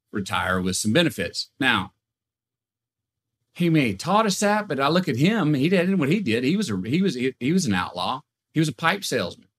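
A man is talking as a podcast guest, telling animated stories in a steady middle register. He often restarts mid-sentence and repeats words as he goes. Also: medium pitch. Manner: animated storytelling, many restarts. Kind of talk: casual podcast conversation.

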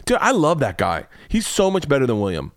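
A man with a slightly high voice and wildly swooping pitch hosts a comedy podcast, ranting casually through celebrity news. He's profane and rambling, full of quick asides, and the recording is dry and studio-quality.

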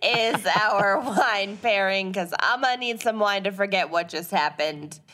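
A woman's voice: mid-range voice, unhurried, fairly bright tone, soft background music. A woman co-hosting a casual podcast, chatty and laughing, sick with a cold. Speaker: podcast co-host. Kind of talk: casual chat.

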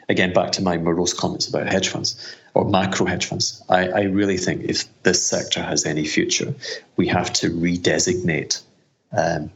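A middle-aged Scottish man with a very low voice. He talks as an interview guest, rambling and self-deprecating, and often restarts his sentences. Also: dull audio. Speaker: hedge fund manager, guest. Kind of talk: conversational interview answers.

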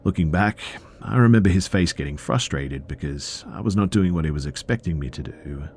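A man calmly narrating true scary stories in a low-key, subdued way. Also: a little fast, slight background noise. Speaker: storyteller.

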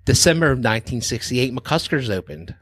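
A man in casual chat, telling music stories with animated acted-out quotes and swearing. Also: medium pitch, a little fast, breathy edge, dry recording.

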